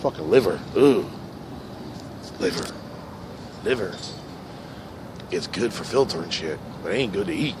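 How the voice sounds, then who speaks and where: A man rambling through a profane monologue, dropping to low mutters and then rising into loud rants, recorded in a park. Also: expressive, fast talker, hardly any pauses. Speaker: vlogger. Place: park outdoors. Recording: outdoor recording with traffic noise. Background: passing cars and outdoor ambience.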